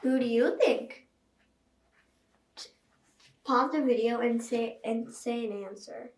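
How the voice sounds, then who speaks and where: A woman's voice: on the high side, slow, long pauses, darkish tone. A woman reading a children's book aloud, chatting directly to young listeners. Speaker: children's story reader. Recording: echoey room, voice far from mic.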